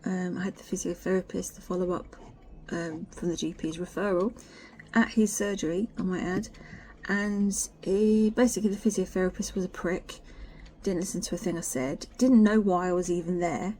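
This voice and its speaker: A woman's voice: on the low side, steady tone, moderate pace, warm tone, a little hiss or hum. Blunt woman ranting at home. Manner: blunt, sweary, ranting, with whispered asides. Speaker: vlogger. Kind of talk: candid personal vlog.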